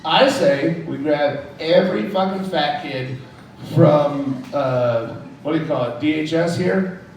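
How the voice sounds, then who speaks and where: A man's voice: a little high, slow pace, darkish tone, a little hiss or hum. A man doing a crude, rambling stand-up comedy set on a club stage, chuckling at his own jokes. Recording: very echoey room, from far off.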